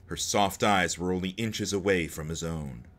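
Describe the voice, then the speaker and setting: A man's voice: sits low, moderate pace, fairly bright tone. A man reading game text aloud and cracking jokes between the lines as he plays. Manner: joking asides between dramatic narration. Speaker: let's play host.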